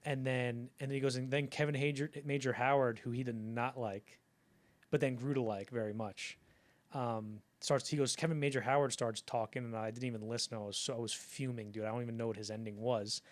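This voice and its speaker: A podcast host man telling film-set stories in loose, casual chat. His pitch sits in a middle range and he talks animatedly, dropping swear words as he goes. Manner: animated retelling, swearing, slips into quick character voices.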